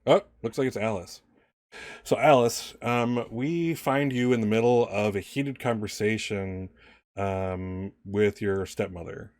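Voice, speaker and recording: A man narrating as game master, chatty and quick to laugh. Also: on the low side, a little mellow, no room sound, studio quality. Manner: chatty, laughs often, restarts.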